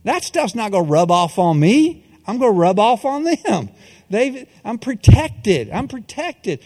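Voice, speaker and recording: A man preaching a sermon as pastor, folksy and animated, slipping into a coach's pep-talk manner. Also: sits high. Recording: long hall reverb.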